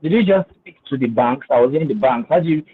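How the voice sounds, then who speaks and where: A man appears as a finance guest on a webinar with screen share, hesitating and repeating words before explaining things with emphasis. He talks fast with lively intonation at a medium pitch, his husky voice coming through a tinny, phone-like video-call line.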